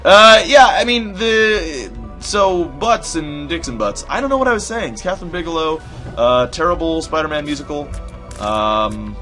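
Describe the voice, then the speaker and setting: Rambling young man with a lively voice. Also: a little high, normal speed. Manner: rambling, jokey, many fillers and restarts. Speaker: gameplay commentator. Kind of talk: casual gameplay commentary. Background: game music.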